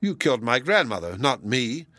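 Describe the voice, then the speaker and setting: A man's voice: medium pitch, sing-song, moderate pace, sharp tone, no echo. A man voicing a clever poor peasant who speaks in a plain, matter-of-fact way. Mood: sly.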